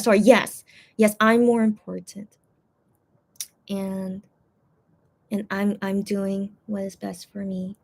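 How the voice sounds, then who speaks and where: Her mid-range voice flat and edged with vocal fry, a livestream host chats casually while reading her chat. She rambles with constant fillers such as "you know" and "like," shares her feelings openly, and apologises often.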